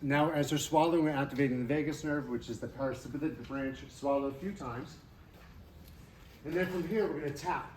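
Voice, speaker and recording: Energetic man coaching a live audience. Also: on the high side, brisk. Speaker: presenter leading a stress-relief exercise. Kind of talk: live workshop talk to an audience. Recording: roomy hall, voice from off-mic with faint noise.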